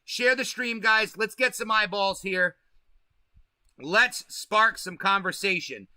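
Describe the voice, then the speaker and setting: A man's voice: sits high, takes it slowly, bright, forceful tone, dry recording. A man hosting a casual livestream, talking loosely with slang and swearing and stretching out words for emphasis. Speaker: host.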